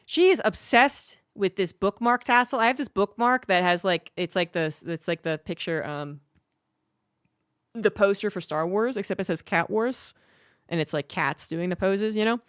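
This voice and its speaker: A woman's voice: medium pitch, normal speed, clean tone, no room sound, clean studio sound. A woman streamer in a casual livestream chat, telling a rambling, cursing story.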